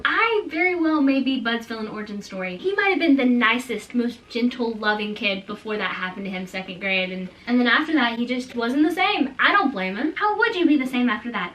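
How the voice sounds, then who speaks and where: A woman in her twenties telling funny childhood stories to her vlog audience in a casual, animated, self-mocking way. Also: on the high side, distant mic, rough recording. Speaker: storytime vlogger. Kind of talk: casual storytelling.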